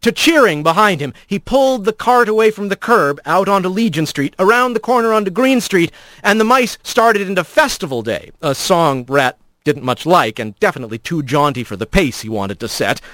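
A man narrating an audiobook in an expressive, animated storytelling manner. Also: high-pitched, moderate pace, dry recording.

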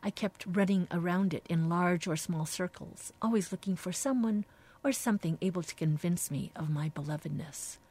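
Soft-spoken woman reading a devotional book. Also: on the low side, moderate pace, slightly rough. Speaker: radio show host.

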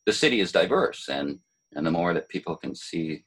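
An older man talks about poetry in a deep, slightly husky voice. He is thoughtful and unhurried, often pausing and restarting his sentences. The tone is that of a relaxed conversation. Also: poor audio. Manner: thoughtful, hesitant, many fillers and restarts. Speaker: poet, former city poet laureate.

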